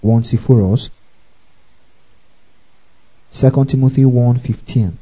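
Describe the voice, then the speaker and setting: A man's voice: mid-range voice, normal speed, warm tone, poor audio. A male pastor giving a Bible teaching sermon, spelling out words letter by letter and checking in with listeners with frequent "okay" and "praise the Lord".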